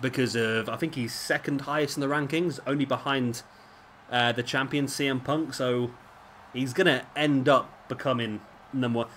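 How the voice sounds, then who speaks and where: This gameplay commentator has a mid-range, fairly bright voice with fairly even intonation and a normal speed, plus a bit of hiss or hum in the background. Sipping beer at home, he rambles casually over a wrestling video game in let's-play style, chatting and poking fun at himself along the way.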